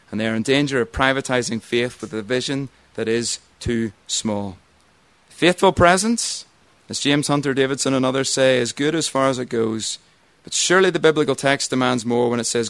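Man, formal debate speech, argumentative, persuasive, mid-pitched voice, dry recording. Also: a bit bright, clear, resonant tone, dry recording. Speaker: church member speaking in a debate.

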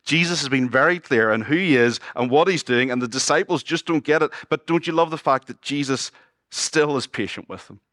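A man preaching a sermon as pastor, moving between loud exclamations and hushed, low passages and asking his congregation questions. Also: brisk, no echo, clean studio sound. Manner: asks the congregation questions and jokes with them. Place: church.

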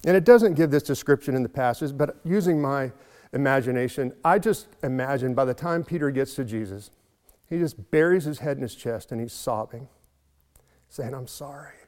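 A man preaching a sermon in an earnest way, slowing down and building up for emphasis. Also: medium pitch, a little mellow, big-room sound. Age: adult, has a son. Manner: earnest, slows and swells for emphasis. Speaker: pastor.

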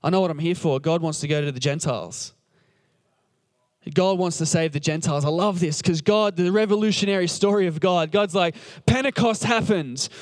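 With a voice on the high side and a moderate pace, this man gives a casual sermon that retells scripture. He's conversational and jokey, voicing each character's lines himself.

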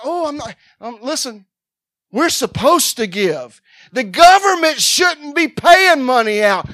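A woman preaching a sermon with fervor, swinging between loud shouts and quiet asides. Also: fairly high pitch, dry recording, studio quality.

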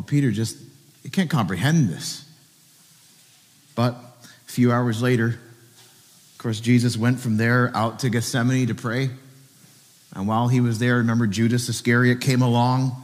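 A male pastor preaching a sermon with animated storytelling and joking asides. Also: mid-range voice, big-room sound.

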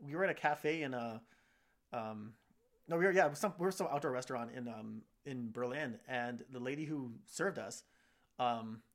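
A man's voice: medium pitch, normal speed. A man co-hosting a casual podcast chat, telling stories with many fillers and restarts. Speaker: podcast co-host.

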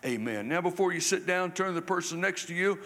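A man's voice: high voice, level tone, fast talker, bright, forceful tone. An older man from South Carolina, preaching a folksy, conversational sermon with humor in a church. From South Carolina, USA. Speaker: guest preacher. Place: church sanctuary. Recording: reverberant church hall.

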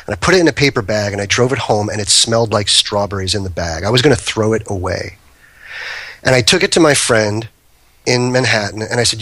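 A man's voice: lowish voice, fast talker, pushed and bright, no room sound. A man guest on a podcast telling rambling anecdotes full of restarts and asides. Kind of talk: casual storytelling.

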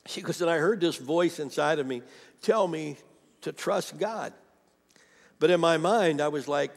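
A pastor preaching a sermon, retelling a woman's testimony with animated emphasis and fervent questions to the congregation. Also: on the high side, measured pace, vocal fry, in a large hall. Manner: animated storytelling, quoting a woman's testimony, rising to fervent appeals.

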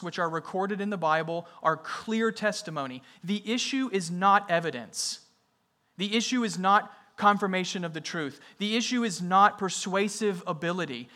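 A man's voice: sits high, bright, forceful tone. A man preaching a sermon in an emphatic way, often repeating his key phrases for weight. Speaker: pastor.

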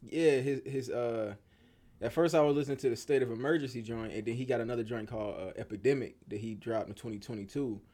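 A man chatting as a guest in a relaxed, slangy way. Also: mid-range voice, quick pace. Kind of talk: casual chat.

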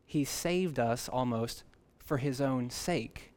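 A man's voice: medium pitch, slow pace, a little mellow. A young man preaching a sermon in a conversational way, reading scripture aloud with emphasis. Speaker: pastor.

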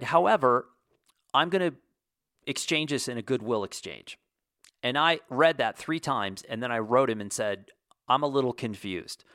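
Animated man telling a story, dry close sound. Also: medium pitch, dry recording. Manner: animated, acts out quotes in his own voice. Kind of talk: casual storytelling monologue.

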